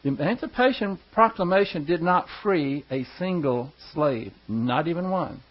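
With lively intonation and a fairly high pitch, a man preaching to his flock tells folksy, wandering tales punctuated by chuckles. He talks at normal speed; the recording is lo-fi and dull.

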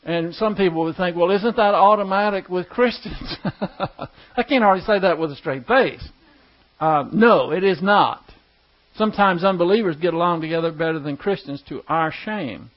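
A man leads a Bible study from the front of a church, his voice set high for a man. He talks conversationally and rises to emphatic stresses on the words that matter. The church live-stream sound is a little dull and muffled. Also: moderate pace. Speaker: pastor teaching a Bible study. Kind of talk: Bible teaching sermon.

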